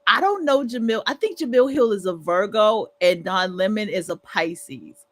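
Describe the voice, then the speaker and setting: A woman hosting a livestream, reacting to clips with loud laughter and slangy casual commentary. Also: medium pitch, normal speed. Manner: laughing hard, animated, slangy. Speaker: livestream host.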